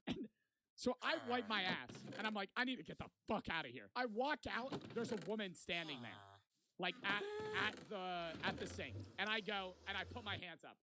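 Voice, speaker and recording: A man's voice: sits high, moderate pace, noisy background. A young man streamer telling a rambling, profane story to his chat in a casual way. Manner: rambling, profane, animated retelling.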